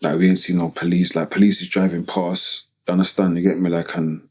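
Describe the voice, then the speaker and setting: A man from Tottenham with a North London accent, telling a personal story as a podcast guest in slangy, halting speech full of "you get me" tags. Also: low voice, flat delivery, a little mellow, husky. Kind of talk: casual storytelling interview.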